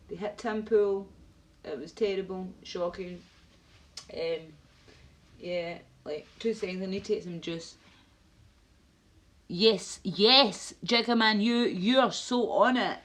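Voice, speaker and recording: Rambling woman live-streaming. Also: lowish voice. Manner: rambling, ranting, answers chat viewers by name. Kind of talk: casual live-stream chat.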